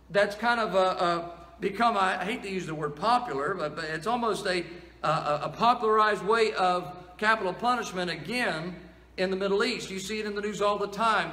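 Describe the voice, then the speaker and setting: A man's voice: sits high, sharp tone, echoey room, in a large hall. A male pastor preaching a sermon in a plain-spoken, folksy storytelling manner.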